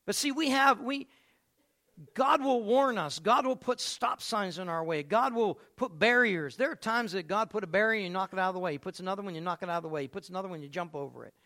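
A man preaching a lively sermon and calling out to listeners by name in a church. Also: high-pitched, fast, hardly any pauses. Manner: animated, calls on listeners by name. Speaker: pastor.

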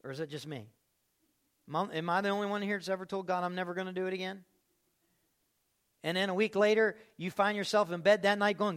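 A man preaching a sermon as pastor, asking the congregation questions and swinging between loud, drawn-out lines and hushed ones. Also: sits high, fairly even intonation, clear, resonant tone.

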